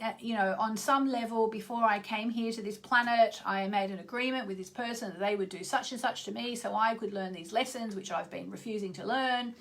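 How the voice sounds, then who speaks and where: A woman's voice: a little high, fairly bright tone. A woman astrologer talking to her viewers in a casual, rambling vlog, full of asides. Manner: chatty, rambling, many asides. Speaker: astrologer hosting her own channel.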